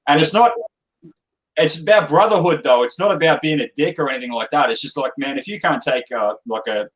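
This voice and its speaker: A man's voice: on the high side, expressive, a little fast, poor audio. A man with an Australian accent, a former infantry soldier, talking casually and bluntly with frequent swearing. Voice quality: blunt and profane. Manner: earnest, swears freely, calls others brother and mate. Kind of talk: casual chat.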